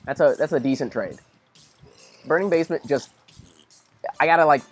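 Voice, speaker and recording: A man's voice: on the high side, normal speed, breathy edge, soft background music. A young man casually rambling through gameplay commentary, tired and easygoing, now and then talking to his dog. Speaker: let's play commentator.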